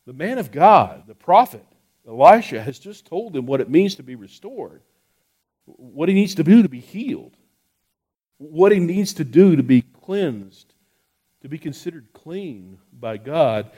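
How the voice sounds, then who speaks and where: A man delivering a sermon in a somewhat high voice. He preaches with animated rhetorical questions and often repeats words as he restarts phrases. His delivery swings between loud, pressing pleas and quiet asides. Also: a little slow, breathy edge. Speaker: pastor.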